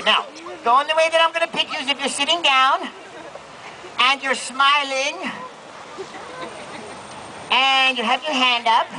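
A man's voice: very high voice, bright, forceful tone. A man working a street show crowd, with sarcastic, self-mocking comedy banter. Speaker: street performer. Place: outdoor street festival crowd. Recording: noisy outdoor crowd recording. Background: crowd and children.

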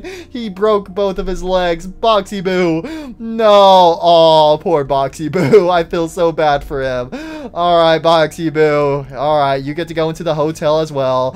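Excitable man doing game commentary. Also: a little high, a little slow, clean tone. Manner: excitable, shouts and cries out at falls; talks to game characters like pets. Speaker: gaming YouTuber.

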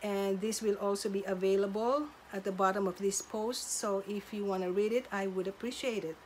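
A middle-aged woman, a teacher, telling classroom stories in a careful, measured way with pauses. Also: mid-range voice, fairly even intonation, a little mellow, a little hiss or hum. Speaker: substitute teacher. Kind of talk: casual storytelling to camera.

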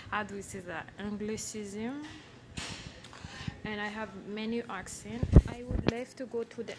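A woman's voice: mid-range voice, background noise. A young woman vlogging casually from a hospital on her phone, playful and rambling. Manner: playful, rambling, switches between languages. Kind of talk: casual vlog narration.

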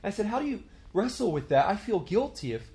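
A man's voice: high voice, big pitch swings, a little fast, dark tone. A man in his thirties teaching a church leadership class in a conversational way, asking the class questions and acting out quotes.

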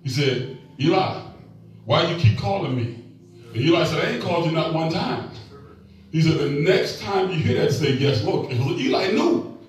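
Faint music plays behind a middle-aged pastor whose voice is a little high and expressive, moving at a moderate pace. His sermon mixes call-and-response with the congregation and playful asides, recorded at a distance in a reverberant room.

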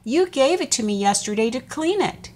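A woman's voice: high-pitched, lively intonation, normal speed, darkish tone, a little hiss or hum, pitched above the performer's own voice. A woman voicing a cheerful, kind female kangaroo who reassures her friend, reading a storybook aloud.

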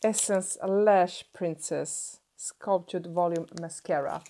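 A young woman vlogs in English, unwrapping makeup and gushing over each find with little restarts along the way. Her voice sits a touch low and sounds mellow and warm rather than bright. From Sweden. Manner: gushing, excitable, pauses and restarts as she unwraps. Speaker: beauty vlogger. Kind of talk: casual product unboxing.

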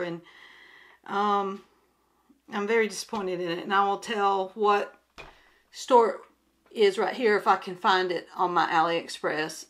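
Woman vlogger rambling about her crafts, bright forward voice, talks at home. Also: medium pitch. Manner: rambling, chatty, many restarts and fillers. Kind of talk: casual chat while showing crafts.

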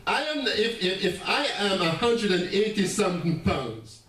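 High-voiced preacher in an echoey church. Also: male voice, normal speed. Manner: animated preaching, laughing asides, stammering restarts. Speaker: pastor. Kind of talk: sermon. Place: church sanctuary. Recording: echoey church room heard from a distance.

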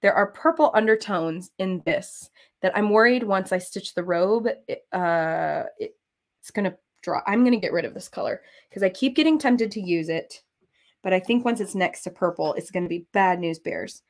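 A woman's voice: fairly low pitch, normal speed. A woman streaming as she cross-stitches, chatting casually and drifting onto side topics. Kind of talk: casual chat while stitching.

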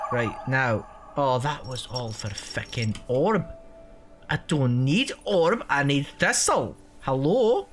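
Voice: medium pitch, animated, slow pace, faint music behind. A host swearing and joking while commenting on a video game and talking to the game character. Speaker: let's play host. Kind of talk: gameplay commentary.

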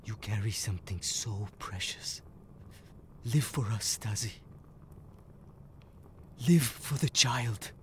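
An actor voicing a dying husband in a video game, speaking calm, slow and tender. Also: male voice, lowish voice, a little hiss or hum.

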